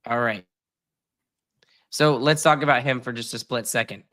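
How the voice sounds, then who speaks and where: A man's voice: mid-range voice, steady tone, moderate pace, bright, forceful tone. A man hosting a casual sports podcast while sick and congested, rambling with lots of fillers and self-deprecating jokes. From United States. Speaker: podcast host.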